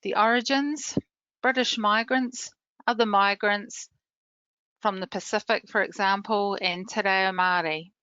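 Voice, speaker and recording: Bright, clear New Zealand woman presenting. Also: medium pitch, no echo, muffled recording. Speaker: literacy manager presenting a webinar. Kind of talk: scripted webinar presentation.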